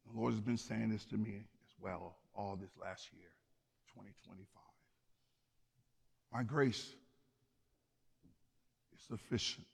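A man's voice: lowish voice, steady tone, normal speed, gravelly, a little mellow, slightly rough. A man preaching a sermon as pastor, speaking with passion and building to emphatic peaks. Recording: long hall reverb.

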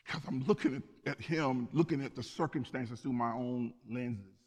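A man's voice: mid-range voice, normal speed. A man preaching a sermon as pastor, speaking with passion and building to emphatic peaks. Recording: long hall reverb.

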